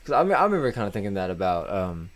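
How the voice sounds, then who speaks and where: A man co-hosting a podcast in casual chat, chatty and quick to laugh, with lots of fillers. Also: on the low side, very animated. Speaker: podcast co-host.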